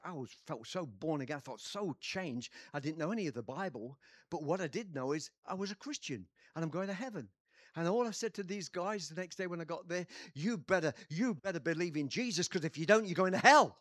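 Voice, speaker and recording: An older man from England with an English accent, preaching a sermon with personal stories, shifting between quiet telling and loud bursts. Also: on the high side, no echo, studio quality. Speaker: pastor.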